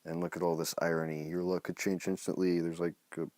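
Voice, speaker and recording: A man with a low, deep voice reads his own comic on a phone live stream. He keeps breaking off for jokey, self-mocking asides. The sound is dry and close. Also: level tone, quick pace, a little mellow, no echo. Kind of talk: casual live-stream reading with commentary.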